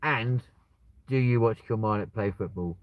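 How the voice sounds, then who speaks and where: A man, hosting a livestream and chatting casually with viewers, rambling and swearing with sudden bursts of excitement. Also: on the low side, moderate pace, dry recording, phone-quality sound. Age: 20s. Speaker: livestream host. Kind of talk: casual live chat reading viewer comments.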